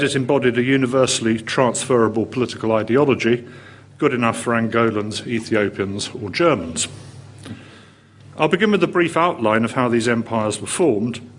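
A man giving a formal history lecture to an audience, measured and with dry wit. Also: medium pitch, a bit bright, slight background noise. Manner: measured, dry wit, read from a prepared text. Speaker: guest lecturer, history professor. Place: lecture hall.

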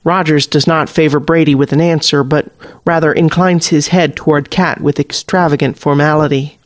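A man reading a fantasy story aloud as the narrator, in a steady storytelling delivery. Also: on the high side, moderate pace, dry recording. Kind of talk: audiobook fiction narration.

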